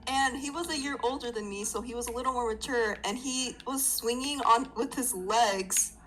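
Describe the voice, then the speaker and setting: A woman's voice: on the high side, normal speed, fairly bright tone, slight background noise, poor audio. A woman guest on a casual podcast, telling a self-mocking childhood story with laughter.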